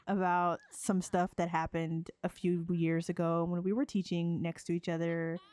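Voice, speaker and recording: A woman's voice: on the low side, little pitch movement, moderate pace, a little mellow, smooth, no room sound, pitched below the performer's own voice, close to an everyday voice. A woman voicing a friendly woman teacher in a life-sim game, light and a little hesitant. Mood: giggly.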